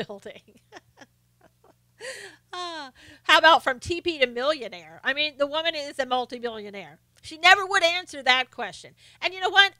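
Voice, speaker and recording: A woman's voice: high-pitched, bright, forceful tone, dry recording. A woman hosting a casual live stream, chatting and laughing as she reads viewer comments aloud. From Southern United States.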